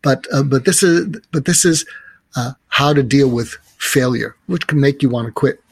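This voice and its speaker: A middle-aged man with a rough, gravelly edge and a slightly husky tone. He tells stories in a loose conversational way, circling back with fillers and restarts. The sound is close and dry. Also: mid-range voice, moderate pace, no echo. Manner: storytelling, many restarts and fillers. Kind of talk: casual conversational advice.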